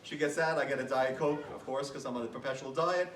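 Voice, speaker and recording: A man's voice: mid-range voice, quick pace, fairly bright tone, distant mic. A middle-aged man, the son of the departed, gives a toast at a memorial gathering. He talks in a chatty, self-mocking way, laughs through his funny stories and sometimes falters with emotion. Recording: echoey room, speaker away from the mic, background noise.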